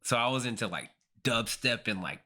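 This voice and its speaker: Laid-back slangy man with bright voice. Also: medium pitch, lively intonation, normal speed. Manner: laid-back slangy storytelling, acts out quotes. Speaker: pro skater and DJ guest. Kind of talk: casual podcast interview.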